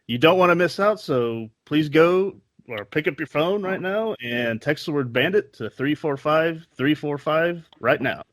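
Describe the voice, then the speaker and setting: A man hosting a podcast, friendly and quick to laugh, with folksy greetings. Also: on the high side, fairly bright tone, no room sound. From Texas. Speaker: podcast host. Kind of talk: casual chat and host reads.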